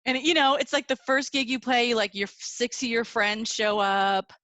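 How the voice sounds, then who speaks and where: A middle-aged woman from the Seattle area, a guest musician, telling stories in a chatty, animated way and laughing often. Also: fairly high pitch, normal speed, no room sound. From Seattle area, USA. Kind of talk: casual interview storytelling.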